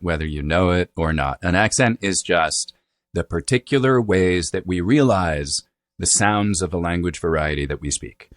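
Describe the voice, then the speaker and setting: Low-voiced guy coach type explaining stuff, animated, keeps going "right?" and "you know". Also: no room sound. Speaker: dialect coach guest. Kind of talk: explanatory podcast interview.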